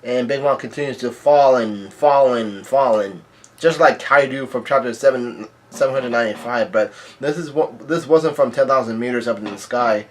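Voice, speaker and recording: A man's voice: medium pitch, moderate pace. A man casually reading through a comic chapter aloud and adding his own comments, delivering the quoted lines in the same plain, level voice. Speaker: manga reader and commentator.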